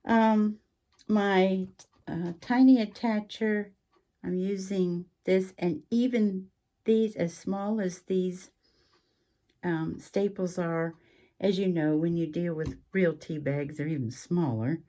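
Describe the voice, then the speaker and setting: A woman hosting a relaxed craft show-and-tell, chatty and rambling, with frequent ums and asides. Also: fairly low pitch, takes it slowly. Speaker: craft channel host.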